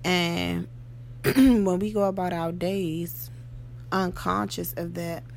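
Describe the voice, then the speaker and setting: Gravelly woman giving an emphatic pep talk. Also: fairly low pitch, fairly even intonation, slow pace, a little mellow, a little hiss or hum. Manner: emphatic, keeps asking "okay?" and "you know?". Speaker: podcast host. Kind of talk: motivational monologue.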